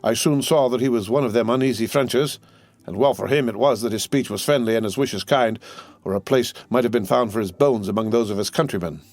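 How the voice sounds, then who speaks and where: A man's voice: mid-range voice, brisk, a little mellow, dry recording, close to an everyday voice. A man voicing a grizzled, proud frontier scout with old-fashioned backwoods speech in an audiobook. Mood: wary.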